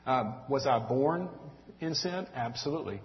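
A middle-aged Southern man from Mississippi gives a folksy, earnest talk to a church group, addressing them as y'all. His voice has a medium pitch for a man. It is captured on a dull, muffled recording with the long reverb of a large hall. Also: lively intonation, moderate pace, slight background noise. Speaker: church teacher. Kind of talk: conversational sermon. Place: church room with audience.

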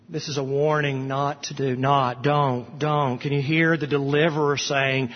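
A man's voice: medium pitch, level tone, moderate pace, few pauses. A man preaching a sermon with passion, lifting his voice when he quotes scripture. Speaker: pastor. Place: church sanctuary. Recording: dull sound with long hall reverb.

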